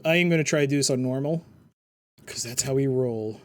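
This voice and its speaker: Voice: mid-range voice, brisk. A game streamer chatting casually through a live playthrough at a home computer, reading game text aloud and humming along to the music.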